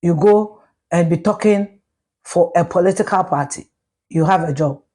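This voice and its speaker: Husky Ghanaian woman ranting loudly. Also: lowish voice, moderate pace. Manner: loud, profane, mixes in Twi. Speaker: social media personality. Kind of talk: ranting live video.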